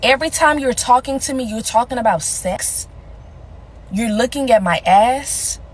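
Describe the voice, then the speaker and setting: Brief: woman, bright high voice, blunt scolding rant. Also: lively intonation, moderate pace, breathy edge. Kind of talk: casual rant to camera.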